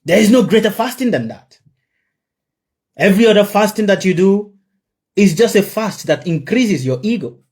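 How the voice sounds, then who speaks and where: A man's voice: high voice, lively intonation, normal speed, pauses often, darkish tone, slightly rough. A man giving an emphatic spiritual sermon to a live audience, repeating his key phrases for effect. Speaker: spiritual teacher.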